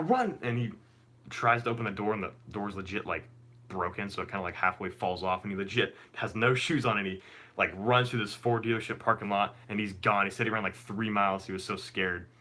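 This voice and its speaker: A young man casually telling a long story on a live stream, rambling and animated, full of fillers. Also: lowish voice, brisk.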